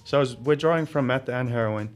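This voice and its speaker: A man's voice: medium pitch, fast. Guy telling his story, lots of "like", laughs a bunch, faint music behind. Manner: laughs often while telling his story, many fillers. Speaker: interview guest. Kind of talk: casual storytelling.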